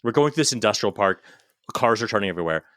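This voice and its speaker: Profane storytelling podcast man, low voice. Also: fast talker, dry recording, clean studio sound. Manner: animated, profane, self-mocking storyteller. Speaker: podcast co-host. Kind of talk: casual storytelling chat.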